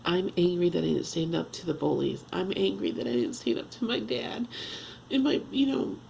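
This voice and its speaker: A woman in her fifties talking at home in a confessional vlog, halting and earnest, restarting often as she searches for words. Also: lowish voice, big pitch swings, creaky, a little mellow, a little hiss or hum, rough recording. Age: 50s. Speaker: vlogger.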